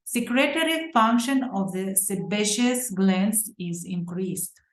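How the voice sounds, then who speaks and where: A woman with an Uzbek accent giving a medical lecture from slides, reading deliberately and pausing on fillers and self-corrections. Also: medium pitch, expressive. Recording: roomy echo.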